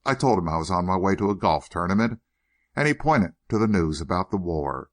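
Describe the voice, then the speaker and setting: A man's voice: deep voice, lively intonation, brisk. A man voicing a restless, frustrated young man. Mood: pleading. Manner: urgent, pleading, impulsive.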